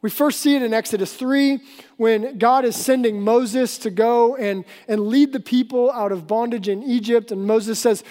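A woman pastor preaches to her congregation, her voice sitting a little high. She explains things earnestly and slows right down on the key points. Her words carry a long reverb, as if they fill a large church hall. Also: warm tone. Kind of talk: sermon.

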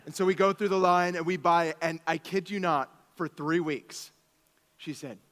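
A man in his thirties, a pastor preaching a sermon, telling stories with animated swings from soft asides to exclamations. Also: high-pitched, moderate pace, in a large hall.

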